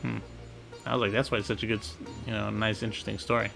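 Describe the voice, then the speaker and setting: A man's voice: fairly low pitch, flat delivery, fast talker, gravelly, a bit bright, soft background music. A man casually thinking aloud while playing a video game. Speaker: gamer. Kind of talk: casual gameplay commentary.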